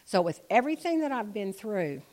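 A woman giving an informal church testimony, chatty and animated, moving between quiet asides and loud emphatic preaching. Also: mid-range voice, fairly quick. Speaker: speaker sharing a testimony.

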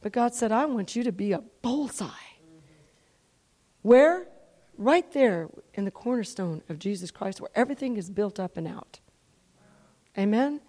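High-voiced woman preaching with fervor. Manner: animated, rises to near-shouting when telling dramatic parts. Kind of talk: sermon storytelling.

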